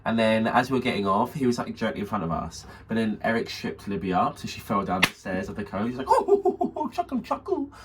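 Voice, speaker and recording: A man's voice: lowish voice, fast talker, few pauses, far from the mic, noisy background. A man, co-hosting a podcast, telling a long anecdote in casual chat and acting out friends' lines. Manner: animated storyteller, quoting friends in shifting voices, swearing freely. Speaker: podcast co-host.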